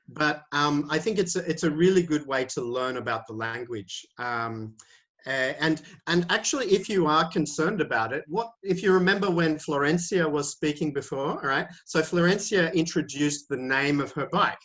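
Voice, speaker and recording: Hesitant teacher on a call. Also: male voice, fairly high pitch, a bit bright. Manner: hesitant, many fillers and restarts. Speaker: IELTS teacher. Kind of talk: answering questions in a webinar. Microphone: video call.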